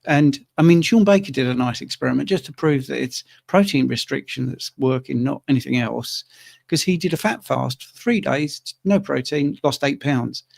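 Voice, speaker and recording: A man's voice: mid-range voice, normal speed, vocal fry, a little mellow, no echo, clean studio sound. A man hosting a live question-and-answer stream from the UK, chatty and teasing. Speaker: host. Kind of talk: live Q&A chat.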